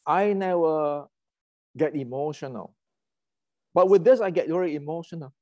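Guy ranting about history, fairly high voice, dry close sound, lots of uh and restarts. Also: moderate pace, darkish tone, no echo. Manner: heated, ranting, many restarts and fillers. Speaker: martial arts channel host. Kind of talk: casual lecture.

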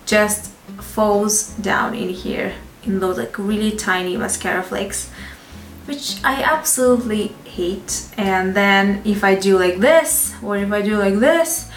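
A woman with a French accent talks through her makeup picks in a frank, chatty way, often breaking into little laughs. Her voice sounds roomy and a bit distant from the mic. Faint music plays underneath. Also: medium pitch. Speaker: beauty vlogger. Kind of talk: casual product review.

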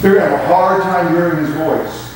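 A man with a fairly high pitch preaches briskly as pastor in a church sanctuary, using rising emphasis and quoted asides. The recording has slight background noise and sounds distant, echoing around the church hall.

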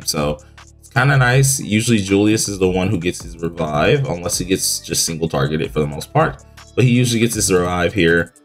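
A young man with a deep, low-pitched voice, still groggy with morning voice, talks casually through a mobile game match. His delivery is loose and rambling, full of fillers and slang. Soft music plays faintly underneath. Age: young adult. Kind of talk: casual gameplay commentary.

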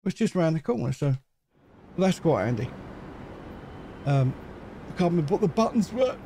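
A man's voice: on the high side, very animated, moderate pace, vocal fry, mellow, slight background noise. A middle-aged man from England, talking casually and rambling as he comments on his own truck game play. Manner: chatty, rambling, self-mocking. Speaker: gaming channel host.

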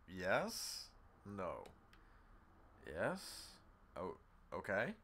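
A man with a fairly low voice whose pitch jumps all over as he streams a game live. He chats casually with viewers, swears freely and reads the game's text out loud between his reactions. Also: sing-song, drawn-out words, gravelly, pauses often. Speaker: gaming streamer. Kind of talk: casual live gameplay commentary, reading game text aloud.

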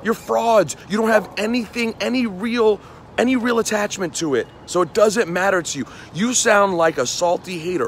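A man's voice: high-pitched, moderate pace, a little hiss or hum. A man in his forties from New City, a radio host walking down a city street and scolding people in a heated rant, repeating lines for emphasis. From New York City. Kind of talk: angry street rant to camera.

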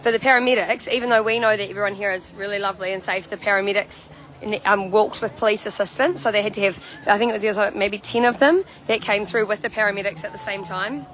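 A woman's voice: medium pitch, fast, poor audio. A woman from Canterbury with a New Zealand accent, livestreaming from an outdoor protest camp and talking through events in a chatty way, full of "you know" and "like". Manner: chatty, explains things at length, many "you know" and "like" fillers. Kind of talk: casual livestream commentary. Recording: phone audio with steady background noise.

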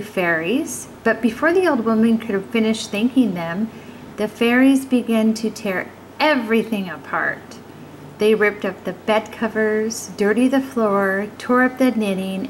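A woman reading a children's story aloud, expressive and playing with sound words. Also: mid-range voice, a little hiss or hum, poor audio.

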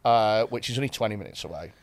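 A man's voice: lowish voice, quick pace. Laughing rambling man telling a story. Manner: rambling, restarts often, laughs at himself. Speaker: podcast co-host. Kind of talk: casual comedic storytelling.

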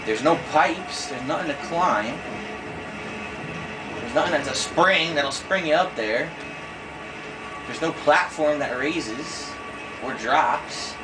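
A young man talks through a video game he is stuck on, thinking aloud and cursing in frustration. His voice sits a little high. Game music plays clearly behind him. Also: lively intonation, takes it slowly, pauses often, poor audio. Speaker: gamer. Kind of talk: frustrated gameplay commentary.

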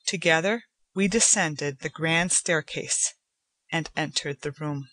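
Woman narrator, scripted audiobook reading, very slow and measured, dry close recording. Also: low-pitched, fairly bright tone, no echo. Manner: slow, measured, somber storytelling.

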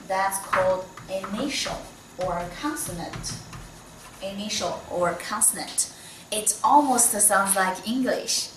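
A woman teaching Mandarin in non-native English with a Chinese accent, patient and slow, with many soft "mm"s. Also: medium pitch, background noise. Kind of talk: one-on-one online lesson. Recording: echoey room, voice from a distance.

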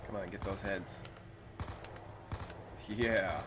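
A man's voice: low-pitched, steady tone, drawn-out words, heavy background noise. A man streaming a zombie shooter, muttering casual commentary to himself and swearing now and then in a small room. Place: small room he calls a closet.

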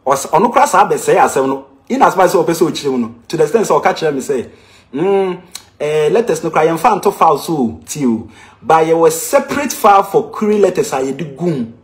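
A man's voice: fairly high pitch, lively intonation, a little fast. A man with a Ghanaian accent, a teacher, making an impassioned complaint with emphatic rhetorical questions.

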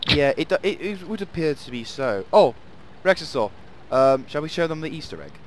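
A man's voice: fairly high pitch, expressive, moderate pace, slight background noise. A man hosting casual gameplay commentary, rambling and playful, often laughing. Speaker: gaming channel host.

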